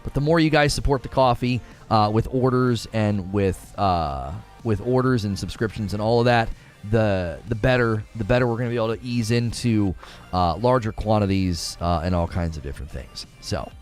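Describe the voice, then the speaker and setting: A man on a live stream chats casually, reading viewer comments aloud and rambling with many restarts. His voice is on the low side at a normal speed, with faint music behind him.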